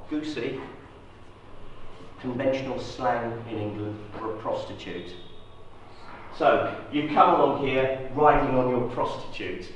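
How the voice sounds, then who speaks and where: A man's voice: mid-range voice, a little slow, a little hiss or hum. Man lecturing in an echoey hall. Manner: lively, rhetorical questions to the audience. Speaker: guest lecturer. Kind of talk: university lecture. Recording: roomy echo, distant mic.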